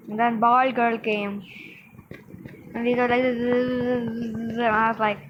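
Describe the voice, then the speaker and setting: A young girl tells the story of her game play in a playful, rambling way, acting out characters as she goes. Her voice sits a little high. The sound is dull and lo-fi, with a faint hiss behind it. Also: level tone, a little slow. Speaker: gaming vlogger. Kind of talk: casual game commentary.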